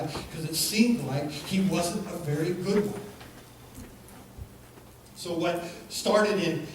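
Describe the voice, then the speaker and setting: A man preaching, telling a story in an unhurried, halting way, recorded in a church. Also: fairly high pitch, slight background noise. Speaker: pastor. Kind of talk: sermon storytelling. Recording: echoey church from far off.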